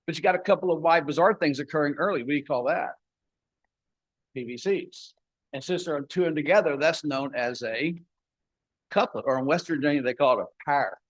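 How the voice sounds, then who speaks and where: A man's voice: a little high, a little fast, no room sound, rough recording. Folksy older man, dry close sound. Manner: folksy, acts out dialogue in his story. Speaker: paramedic educator. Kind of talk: conference talk with storytelling.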